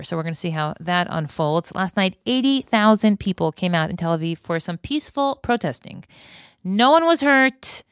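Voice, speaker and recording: A woman hosting a podcast in a casual monologue, chatty and opinionated, laughing between her points. Her voice is smooth and clear, and the recording is dry and close, with no room sound. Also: fairly low pitch, no room sound. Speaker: podcast host. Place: Israel.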